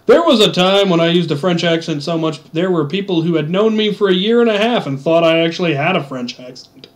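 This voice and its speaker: A man's voice: high-pitched, brisk. A man chatting casually while gaming, telling rambling stories with a wry, offhand manner. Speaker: streamer.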